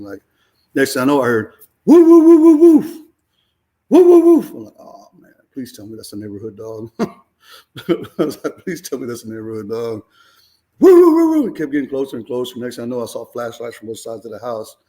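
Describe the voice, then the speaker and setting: A man telling his own story in a casual, animated way and acting out the voices of the people in it. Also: mid-range voice. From Houston, Texas area. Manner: animated, acts out quoted voices. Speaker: guest giving a testimony.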